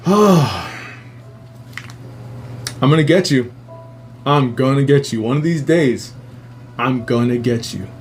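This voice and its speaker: A man's voice: mid-range voice, lively intonation, slow, pauses often, darkish tone, faint music behind. A man voicing a taunting dream creature that poses as his partner and makes teasing threats.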